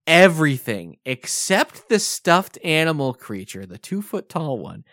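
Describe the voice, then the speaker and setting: A man spins a casual podcast story with a very expressive, rising and falling voice. He acts out quoted lines as he goes. The sound is dry and close. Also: fairly high pitch, measured pace, no echo. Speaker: podcast co-host.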